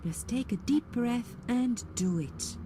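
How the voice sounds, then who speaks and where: An actress voicing a sinister, mocking old woman in a video game, speaking in a slow, measured, menacing way. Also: a little high, animated, noisy background. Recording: game audio under loud music.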